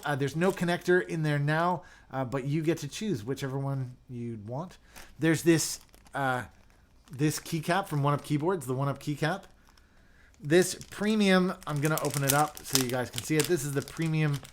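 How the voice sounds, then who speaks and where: A man hosting a casual livestream, chatting loosely and reading out viewer comments with lots of fillers and restarts. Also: on the high side. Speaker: livestream host. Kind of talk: casual live chat.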